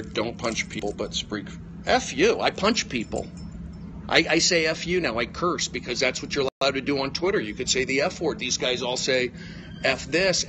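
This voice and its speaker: Against a noisy background, a comedian livestreaming on his phone delivers a rambling rant. He's agitated and shouty, lurching from loud bursts to low mutters.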